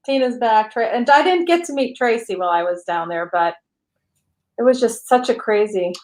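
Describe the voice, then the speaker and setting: A teasing woman co-hosting a casual podcast, her voice pitched fairly high. She chats with a playful, skeptical edge. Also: moderate pace, a little mellow. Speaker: podcast co-host.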